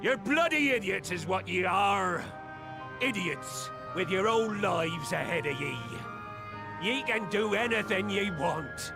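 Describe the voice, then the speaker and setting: Gravelly old pirate captain. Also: male voice, high voice, animated, slow pace, full character voice. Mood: rousing. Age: older. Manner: gruff pirate speech, commanding speeches. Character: weathered old male pirate captain, stern and rousing. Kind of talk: game cutscene voice acting. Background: game music.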